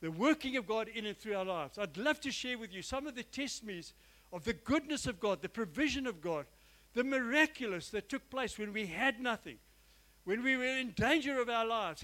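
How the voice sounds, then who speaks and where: High-voiced preacher, earnest. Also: male voice, pushed and bright, low-quality recording. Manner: earnest, emphatic preaching with repeated phrases and direct address. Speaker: pastor. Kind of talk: sermon. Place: church.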